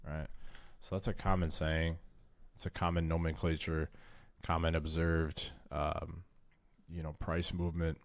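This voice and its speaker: A man's voice: sits low, dry recording, studio quality. A man hosting a casual trading livestream, talking loosely and cursing, stumbling over his words as he walks through charts. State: tired, short on caffeine. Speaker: trading stream host.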